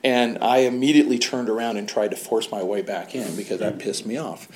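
A man's voice: lowish voice, fairly quick, noisy background. A man candidly telling his own recovery story with blunt words and wry, self-deprecating humor. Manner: blunt with casual swearing.

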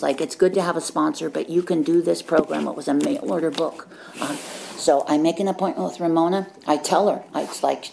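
A woman's voice: on the low side, creaky, a little mellow, a little hiss or hum. A woman giving a candid, rambling personal testimony at a recovery meeting, often tagging on "right?" and correcting herself mid-sentence. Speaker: speaker sharing recovery story.

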